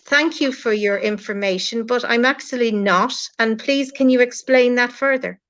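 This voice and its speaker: A woman's voice: a little high, normal speed, a bit bright. A middle-aged woman with an Irish accent, speaking earnestly and from the heart as a guest on a live stream. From Ireland. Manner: earnest, heartfelt, addresses critics directly. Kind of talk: emotional live-stream chat. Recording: lo-fi online stream audio.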